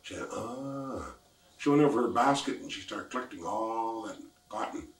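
An elderly man from the Lummi Nation telling a traditional story in simple, repetitive, unhurried phrasing. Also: lowish voice, lively intonation. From Lummi Nation, Washington, US. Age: older. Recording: echoey room, distant mic.

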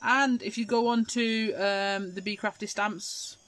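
This middle-aged woman from Scotland, with an English accent, hosts a live craft demo and chats with viewers, fielding their comments as she works. She speaks unhurriedly at medium pitch, with fairly even intonation and a fairly bright tone.

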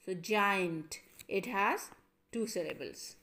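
Slow woman teacher drilling syllables. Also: medium pitch, animated, pushed and bright. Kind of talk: classroom lesson.

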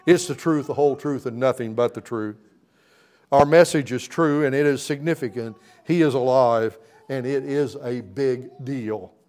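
A man's voice: mid-range voice, a little mellow. A middle-aged man, a pastor, preaching an emphatic sermon in a church, building with repeated rising phrases. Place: church sanctuary.

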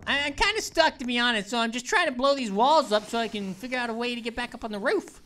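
A woman voicing an excitable, goofy cartoon grape who gives let's-play commentary as a gaming channel host. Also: fairly high pitch, fast talker, a little hiss or hum. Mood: excited. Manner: excitable, exclaims and laughs, cartoonish.

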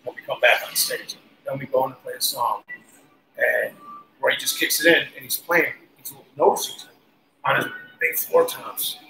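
A man guest on an interview, telling casual, animated stories with laughs and cursing. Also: mid-range voice, normal speed. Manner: animated, laughing, swears freely. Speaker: guest musician. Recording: roomy echo, faint noise.

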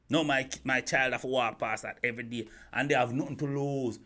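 A man's voice: medium pitch, fairly even intonation, brisk, few pauses, bright, forceful tone. Man ranting to camera. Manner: rhetorical questions, repeats himself, stumbling restarts. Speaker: YouTube commentator. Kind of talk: opinion monologue to camera.

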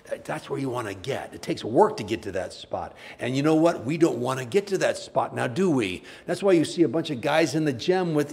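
A man pastor preaching a sermon, conversational and plain-spoken, with sudden animated bursts. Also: on the high side, a little fast, gravelly, few pauses.

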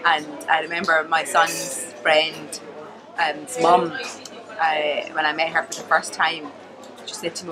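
A woman's voice: low-pitched, unhurried, loud music behind the voice, low-quality recording. A middle-aged woman with a Glaswegian accent, chatting casually as a comedian guest and acting out the people in her stories. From Scotland. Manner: animated storyteller, acts out quoted voices. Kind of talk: casual chat.

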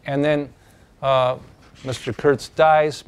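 A man's voice: medium pitch, moderate pace, darkish tone. A male teacher giving a casual classroom lecture, talking in a loose, conversational way with many fillers and restarts.

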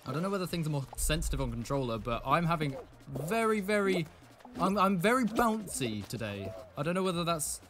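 A young man giving live gameplay commentary, excitable, swinging from muttered asides to yelling at the game. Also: on the high side. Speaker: gaming video creator.

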